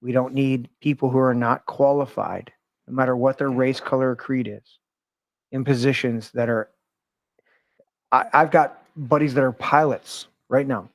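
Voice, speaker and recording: A man hosting a casual conversation, telling animated stories and swearing freely. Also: mid-range voice, moderate pace, no echo, studio quality. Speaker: podcast host.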